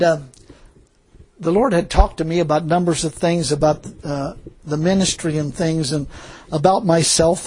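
A man with a high-pitched, breathy and husky voice preaches. He rambles through his story with many fillers and repeated words, now and then chuckling. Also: a little mellow. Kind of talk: sermon testimony.

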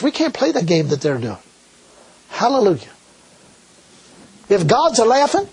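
A man preaching a sermon in a folksy, animated way, full of rhetorical questions. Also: sits high, slightly rough.

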